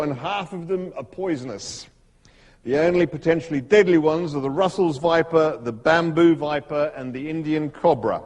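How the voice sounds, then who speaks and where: A grumpy, fussy older Australian snake expert, as a man puts him on in a put-on Australian accent. He grumbles and sounds impatient in a raised, higher voice. Long reverb from a large hall trails behind him.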